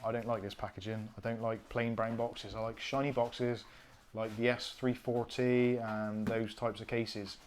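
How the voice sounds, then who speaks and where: A man's voice: mid-range voice, little pitch movement, normal speed, a little hiss or hum. Chatty, jokey man hosting a live stream. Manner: chatty, jokey, thinks aloud while unpacking; blunt, opinionated asides. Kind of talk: casual live-stream chat.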